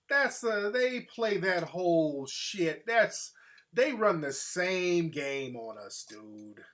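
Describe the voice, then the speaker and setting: In a high voice, a male show host gives casual, profane takes with lots of animation. Mocking impressions keep creeping into his commentary.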